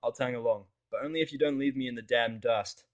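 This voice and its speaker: A man voicing a grumpy, sarcastic young protagonist with a snappy, deadpan manner in a fan audiobook reading. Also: mid-range voice, quick pace, dull audio, close to an everyday voice. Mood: irritable.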